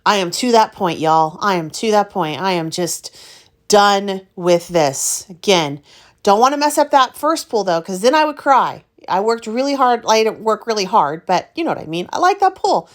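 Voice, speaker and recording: A woman's voice: mid-range voice, animated, normal speed. Woman, casual craft vlog host, candid, chatty, frank about frustration. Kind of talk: casual chat narrating her art process.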